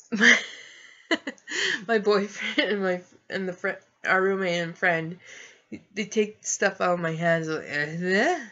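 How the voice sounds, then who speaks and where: Woman vlogger, casual storytelling, bright tense voice, lowish pitch, laughs along. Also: highs cut off. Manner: rambling, laughs through her own story. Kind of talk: casual personal storytelling to camera.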